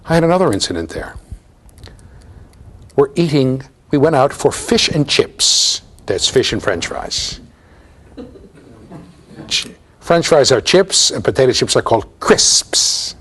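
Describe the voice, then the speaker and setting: A man's voice: fairly low pitch, lively intonation, moderate pace, breathy edge. A middle-aged American man giving a university lecture, telling stories with asides to his students. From United States. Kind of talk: storytelling classroom lecture.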